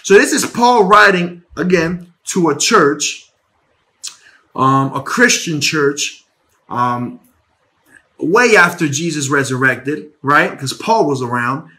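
Male preacher, high and bright, casual livestream Bible teaching on a phone at home, animated, restarts words. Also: takes it slowly. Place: home bedroom.

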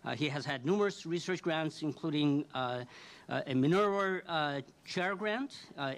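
Halting man introducing a guest speaker. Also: fairly high pitch. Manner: halting, with frequent "uh" while reading a bio.

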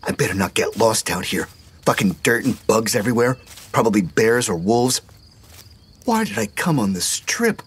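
A man's voice: lowish voice, big pitch swings, normal speed, breathy edge, voice pushed up, exaggerated voice. Man doing a whiny young woman. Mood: complaining. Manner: whiny, grumbling to herself.

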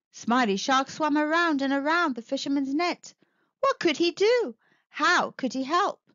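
A woman reading a children's picture book aloud in a lively, sing-song storybook manner. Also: high voice, moderate pace, no room sound, dull audio. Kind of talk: children's read-aloud narration.

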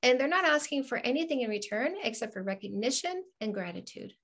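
A woman dating coach from Canada hosts the conversation in a gravelly voice with lots of fry. She pitches slightly high and speaks in a measured, encouraging way, offering affirmation and advice. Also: lively intonation, fairly bright tone. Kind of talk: interview chat.

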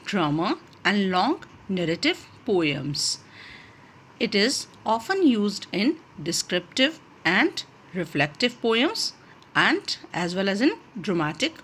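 A woman giving a recorded literature lecture, explaining terms slowly and repeating points with many fillers. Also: mid-range voice, fairly bright tone, slight background noise.

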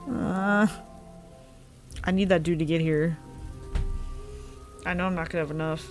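A woman's voice: fairly low pitch, steady tone, unhurried, darkish tone, faint music behind. A woman giving let's-play commentary on her own game, talking to herself in a frustrated way with lots of swearing. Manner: exasperated, swears a lot, talks to herself. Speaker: gaming video creator.

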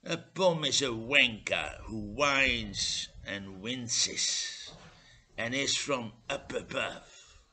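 A man's voice: medium pitch, lively intonation, very slow, pushed and bright, breathy edge, exaggerated voice. A man voicing a curt, impatient young waiter at a beach bar, a mocking lad. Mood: blunt, impatient.

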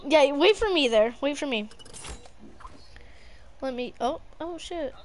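A young woman playing a video game with a friend, yelling, swearing and joking. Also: high voice, animated, slow pace, a little hiss or hum. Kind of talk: casual gaming chat.

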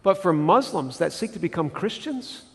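A male pastor preaching with a high, very lively voice that swoops up and down as he puts questions to the congregation. The sound carries a long reverb from a church sanctuary. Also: moderate pace, creaky. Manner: animated, asks the congregation questions. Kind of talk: sermon.

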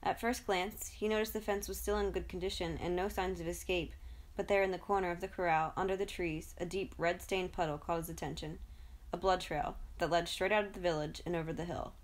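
A woman's voice: fairly low pitch, steady tone, a little fast. A young woman reading a children's storybook aloud, giving each character a lightly lifted voice. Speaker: storybook reader. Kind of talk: storybook narration.

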